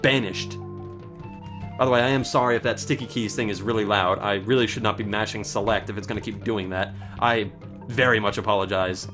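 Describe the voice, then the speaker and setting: A man's voice: on the low side, fairly even intonation, a little fast, music in the background. A man giving casual, sarcastic commentary while he plays a video game, joking and swearing at it. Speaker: let's play host.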